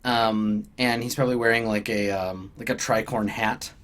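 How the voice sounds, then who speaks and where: A man's voice: on the low side, steady tone, normal speed, a bit bright. A man narrating as game master in a tabletop game, casual and chatty with many fillers, often laughing.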